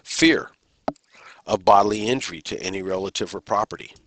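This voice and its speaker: A man giving a recorded criminal justice lecture in a measured, deliberate way, pausing and sometimes restarting a phrase. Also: on the low side, a bit bright. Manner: measured, deliberate delivery with pauses and occasional restarts.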